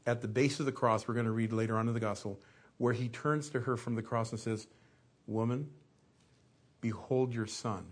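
A middle-aged man preaching a sermon in a conversational, storytelling way, acting out little asides as he goes. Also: mid-range voice.

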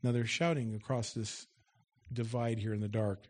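A male pastor delivering a sermon to his congregation. He reads the scripture passages loudly and with force, then drops into a relaxed, talky explanation of what they mean, in a mid-range voice. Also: mid-range voice, a little fast. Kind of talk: expository sermon. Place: church.

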